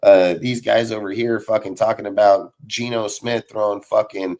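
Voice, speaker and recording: Man, low voice, heated rant, constant swearing, casual sports talk. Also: steady tone, moderate pace, a little mellow. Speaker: podcast host.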